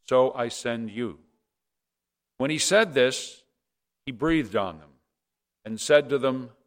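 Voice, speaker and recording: A man reading a gospel passage aloud in a church service, measured and deliberate. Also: mid-range voice. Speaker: scripture reader.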